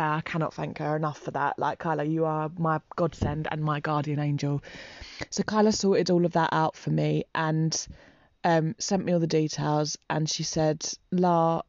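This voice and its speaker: A woman's voice: deep voice, steady tone, moderate pace, a little mellow, dry recording, lo-fi sound. A woman telling a personal story to her vlog audience in a rambling, heartfelt and emotional way. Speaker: vlogger. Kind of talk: casual storytelling to camera.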